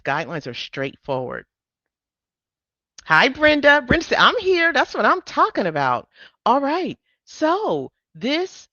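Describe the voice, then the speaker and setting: A woman's voice: on the low side, no echo, dull audio. A woman teaching a live online coding class, upbeat and encouraging, with emphatic bursts. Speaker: medical coding instructor.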